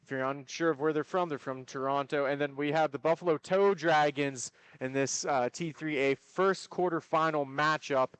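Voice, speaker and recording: A man's voice: on the high side, moderate pace, few pauses, a bit bright, smooth, no room sound. A man doing live play-by-play for a youth hockey game at an arena, steadily explaining the teams and calling the action. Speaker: play-by-play commentator. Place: ice arena broadcast.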